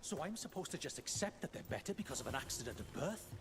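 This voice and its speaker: An indignant young commoner from a fantasy video game. He talks fast with a lively, swooping pitch, and a clear hiss of noise runs underneath.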